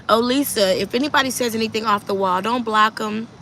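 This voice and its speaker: A woman's voice: fairly high pitch, fast talker, hardly any pauses, a bit bright, a little hiss or hum, rough recording. A woman hosting a casual livestream, chatting and reading viewer comments aloud as she answers them. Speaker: livestream host.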